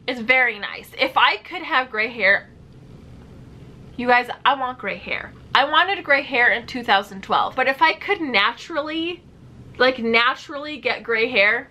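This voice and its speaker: A young woman giving animated, sarcastic reaction commentary as a vlogger. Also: fairly high pitch, unhurried. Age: young adult.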